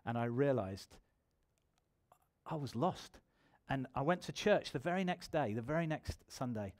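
A man's voice: mid-range voice, animated, measured pace, darkish tone. A man preaching a sermon in church, telling his own testimony and building to emphatic appeals.

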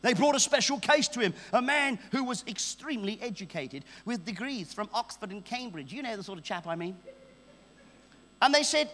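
A man's voice: high-pitched, lively intonation, moderate pace, pushed and bright. A man in his fifties from England preaching a fervent sermon, using repeated call-and-response phrases. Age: 50s. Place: large church hall. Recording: echoey church hall with mains hum.

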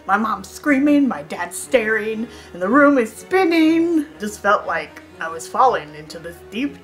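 A woman's voice: low voice, fairly bright tone. A young woman vlogger telling a storytime tale in a sarcastic, self-mocking way. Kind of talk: storytime monologue.

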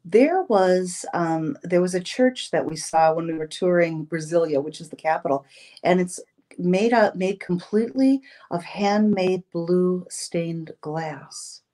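A woman in her fifties, a podcast guest, telling personal stories in casual, expressive conversation. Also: on the low side, a little slow. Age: 50s. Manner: storytelling, expressive, with restarts. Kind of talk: casual interview chat.

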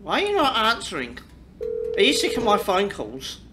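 A woman hosting a casual game session with friends, playful and quick to swear and laugh. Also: mid-range voice, wildly swooping pitch. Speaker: channel host, gamer. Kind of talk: casual gameplay chat. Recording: noisy game audio underneath.

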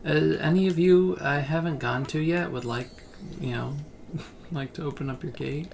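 A man's voice: on the high side, moderate pace, gravelly, darkish tone. A man chatting casually on a livestream while playing a game, laid-back and rambling. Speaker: game streamer. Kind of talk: relaxed livestream chat.

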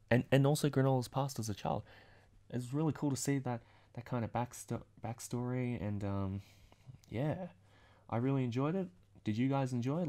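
A man's voice: mid-range voice, darkish tone. A man hosting a casual comic recap video, chatty and rambling as he strings events together. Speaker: video host.

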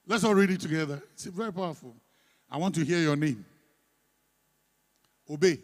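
A man preaches in church, his voice sitting high for a man. He coaxes the congregation to read along, teasing them in quiet asides and then pressing hard on key words. It is a lively call-and-response sermon. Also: normal speed. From Ghana. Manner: teasing, coaxing the congregation, swinging between soft asides and loud emphatic reading. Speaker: pastor. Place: church sanctuary.

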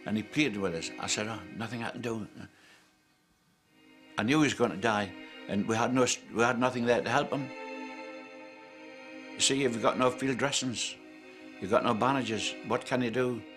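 A man's voice: medium pitch, moderate pace, over music. An older man recalling wartime in an interview, plain and matter-of-fact. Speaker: veteran interviewee. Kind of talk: reminiscing interview.

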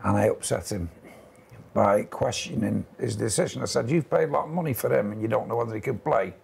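Gravelly husky former footballer. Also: male voice, medium pitch, fairly quick, darkish tone. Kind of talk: casual interview anecdotes.

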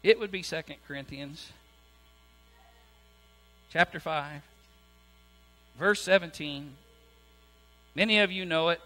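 Speaking slowly with long pauses, a man with a fairly high pitch preaches a sermon from the pulpit. He is lively and asks the congregation "right?" time after time. The sanctuary has a hum and a lengthy reverb.

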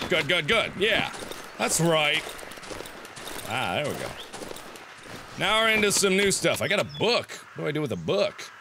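Male let's-play host, twenties, high and lively voice, jumpy, yelps at scares, noisy game audio underneath. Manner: jumpy, yelps and shouts when startled, talks to the game. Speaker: gameplay commentator.

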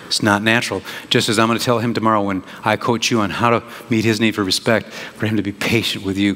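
A pastor preaching a sermon in an animated, conversational way, with big jumps in emphasis. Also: male voice, on the low side. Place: church sanctuary. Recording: reverberant church hall, faint noise.

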